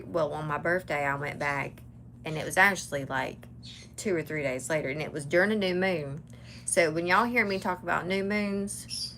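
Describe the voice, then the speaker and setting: A woman's voice: lowish voice, gravelly, a little hiss or hum. A woman telling a chatty story to her live viewers during a tarot reading. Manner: chatty, animated, talks to live chat. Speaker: tarot reader.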